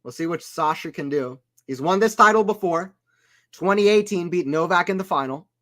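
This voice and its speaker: Man, slightly high voice, casual tennis play-by-play, chats with viewers, excitable on big shots. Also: moderate pace. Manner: chatty, reads chat aloud between points. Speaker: watchalong stream commentator.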